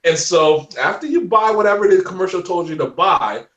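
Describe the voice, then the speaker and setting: A man in his forties telling stories in a casual interview chat, animated and laughing often. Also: high-pitched, fairly quick, reverberant, recorded from a distance, dull audio. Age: 40s. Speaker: guest.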